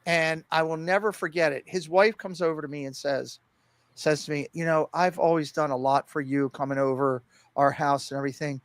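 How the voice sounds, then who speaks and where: High-voiced, animated storytelling man. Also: fairly quick, dry recording. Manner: animated, laughing storyteller who acts out quoted lines. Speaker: podcast co-host. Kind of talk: casual storytelling chat.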